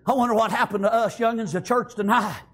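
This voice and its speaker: A high-pitched male preacher with a drawl delivers a fervent sermon. He tells folksy stories and keeps breaking into "praise God" and "amen.". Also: steady tone, fast talker, a bit bright.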